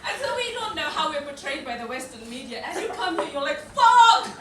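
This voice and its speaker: High-pitched woman doing stand-up. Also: quick pace, background noise. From Africa. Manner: laughing often, animated punchlines. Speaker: stand-up comedian. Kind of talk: stand-up comedy set. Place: comedy club stage. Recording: echoey club from a distance. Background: audience laughter.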